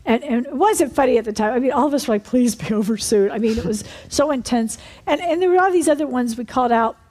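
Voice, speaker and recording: A woman preacher giving an animated sermon testimony, calling out to the congregation for amens. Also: fairly high pitch, quick pace. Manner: animated storytelling, asks for amens.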